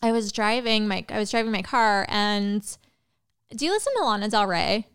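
A woman guest in a casual podcast chat, rambling and animated, full of "like" fillers. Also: medium pitch, clear, resonant tone. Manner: rambling, heavy use of "like" fillers; animated, quick bursts of excitement.

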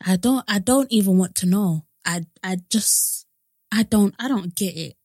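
A woman's voice: mid-range voice, measured pace, a little mellow, slightly rough, no echo, studio quality. A woman co-hosting a podcast, chatting casually, laughing often and sharing frank opinions. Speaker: podcast co-host. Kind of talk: casual chat.

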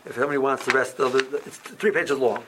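A man leading an informal Torah class, often restarting phrases and growing lively as he explains. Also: medium pitch, fast talker, noisy background.

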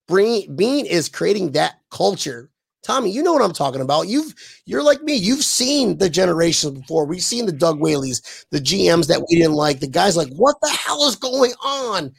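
A man co-hosting a casual sports podcast, rambling and excitable, swearing now and then. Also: on the high side, moderate pace, gravelly, slightly rough, dry recording. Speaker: podcast co-host.

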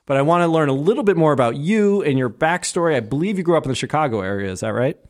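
A man's voice: a little high, expressive, racing. A man hosting a podcast, asking questions in a friendly, easygoing chat. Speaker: podcast host. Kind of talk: casual interview chat.

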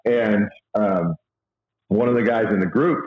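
Man, low-pitched voice, earnest and halting, roomy dull recording. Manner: halting, many fillers and restarts, earnest. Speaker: guest sharing faith and money advice. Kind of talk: casual conversational talk.

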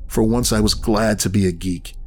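Low-voiced man narrating horror. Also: moderate pace. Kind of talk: scripted horror audiobook narration.

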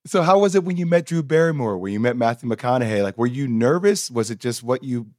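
A man hosting an interview podcast who asks relaxed, open questions and reads promo lines for the show. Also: mid-range voice, a little fast, no echo, clean studio sound. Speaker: podcast host. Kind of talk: conversational interview and scripted promo.

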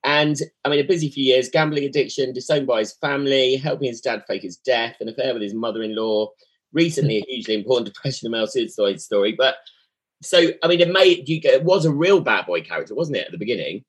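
A man's voice: mid-range voice, quick pace, husky, low-quality recording. A man hosting a podcast interview, enthusiastic and effusive with his guest. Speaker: podcast host. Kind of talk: casual interview chat.

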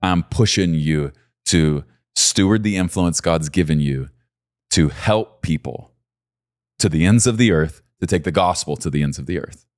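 A man in his forties preaching a sermon, talking to his listeners directly and pushing his voice up high and loud when he urges them on. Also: moderate pace, dry recording, studio quality. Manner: emphatic, rises to high excited peaks when urging listeners.

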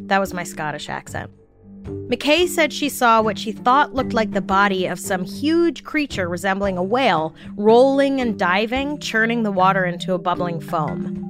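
A woman's voice: mid-range voice, animated, normal speed, music in the background. A woman hosting a podcast, narrating a scripted story with wry, jokey asides. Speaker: podcast host.

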